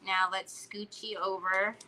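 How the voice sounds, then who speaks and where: Mid-range and level, her sharp-toned voice moves a little slowly over a slight hiss or hum. As host of a crafting livestream, she reads out viewer comments and chats in a relaxed, playful manner with cutesy baby talk.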